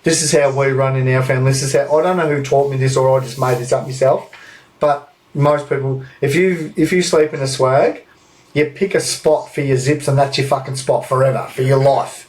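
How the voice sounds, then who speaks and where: A man's voice: medium pitch, steady tone, brisk, a little mellow. An Australian man hosting a podcast, telling a story in a casual, sweary way and laughing often. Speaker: podcast host. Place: indoor room, recorded live.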